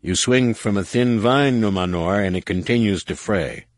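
Man doing a raspy alien warlord, curt and threatening, lower-pitched, dry close sound. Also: moderate pace, no room sound, close to an everyday voice. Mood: stern. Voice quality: rasping, growling. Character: stern alien male war master, menacing.

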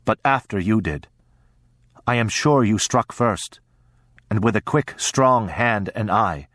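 A man's voice: on the low side, lively intonation, slow pace, fairly bright tone, dry recording, heavily acted. A man doing a grave, terse father. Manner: brief and dry. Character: grave, terse father, stern but tender.

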